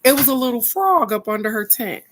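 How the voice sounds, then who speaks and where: A middle-aged woman giving a casual motivational talk, animated and earnest, moving between excited bursts and soft encouragement. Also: on the high side, a little fast. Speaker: spiritual card reader and vlog host.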